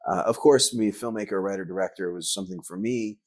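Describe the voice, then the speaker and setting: Low-voiced middle-aged man telling anecdotes. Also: fast talker, darkish tone, no echo. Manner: rambling anecdotes full of filler words. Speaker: guest, actor and filmmaker. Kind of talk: podcast interview storytelling.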